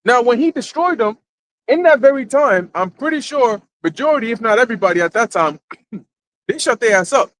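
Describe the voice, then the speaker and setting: A man's voice: very high-pitched, a little fast, a little hiss or hum. A man hosting a casual church discussion, telling stories animatedly and acting out the people he quotes. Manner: animated storyteller, laughs often, quotes people in voices.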